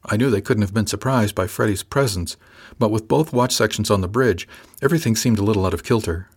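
A man narrating a first-person science fiction audiobook in a measured, even storytelling manner. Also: fairly low pitch, husky.

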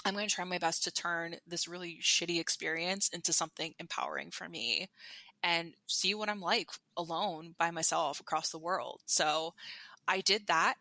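A woman recounting a personal story on a podcast, full of fillers and quick restarts. Her voice is bright and on the lower side, recorded dry and close to the mic. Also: dry recording. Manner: chatty, many fillers and restarts. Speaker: podcast guest. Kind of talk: candid storytelling.

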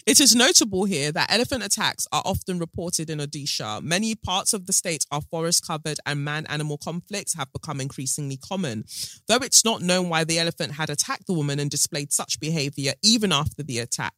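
Bright-voiced woman casually reading news. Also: deep voice, dry recording, clean studio sound. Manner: chatty, filler-heavy, stumbles over names while reading. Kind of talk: casual chat, reading a news story aloud.

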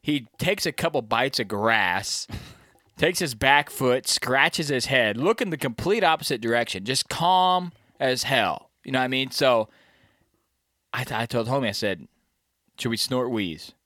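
Casting: man, casual storyteller, bright forceful voice, dry close sound, slangy, keeps asking "you know what I mean". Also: mid-range voice, a little slow, dry recording. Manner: animated storyteller, acts out the deer's thoughts. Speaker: bowhunter recounting a hunt. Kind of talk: casual chat.

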